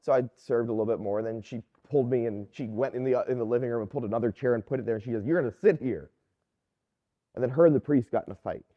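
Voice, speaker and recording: A Catholic priest giving a sermon in a conversational, storytelling manner. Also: male voice, medium pitch, fairly even intonation, rapid-fire, few pauses, lo-fi sound.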